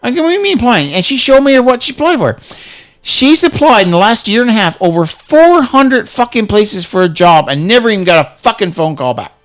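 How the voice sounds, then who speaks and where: A man's voice: high-pitched, very animated, a little fast, fairly bright tone. A middle-aged man in casual chat, ranting heatedly with lots of swearing and stammered restarts. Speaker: co-host.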